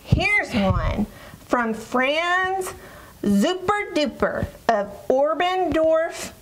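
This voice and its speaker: A woman's voice: high-pitched, big pitch swings, extremely slow, a little hiss or hum, exaggerated voice, rough recording. A woman voicing a friendly girl puppet teacher. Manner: bright, encouraging, storybook tone. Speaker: puppet presenter. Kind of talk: children's puppet show.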